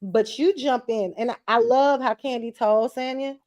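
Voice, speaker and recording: A woman's voice: a little high, steady tone, moderate pace, darkish tone. A woman co-hosting a casual reality-TV recap chat, blunt and slangy, laughing often. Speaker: podcast co-host.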